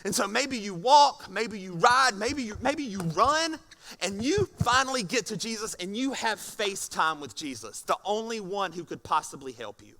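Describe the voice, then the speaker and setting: High bright-voiced preacher. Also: male voice, moderate pace. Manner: animated, repeats words when excited. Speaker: pastor. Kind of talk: sermon.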